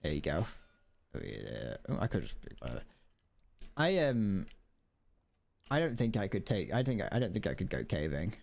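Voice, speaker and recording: A man's voice: deep voice, huge pitch swings, moderate pace, vocal fry, long pauses, darkish tone. A young British man chatting casually while gaming on a live stream, rambling and self-deprecating, swearing now and then and tripping over restarts.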